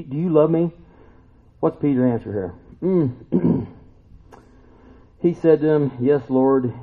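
A man preaching a casual sermon in a conversational, animated way, acting out the voices of the people he quotes. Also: on the low side, slightly rough. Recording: tinny lo-fi phone-like recording.

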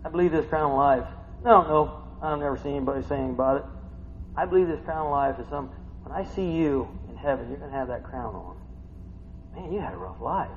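An older man preaching a sermon, swinging from hushed asides to excited shouts. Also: fairly high pitch, quick pace, in a large hall, narrow, tinny audio, slight background noise. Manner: animated, swings from quiet to shouting. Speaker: pastor.

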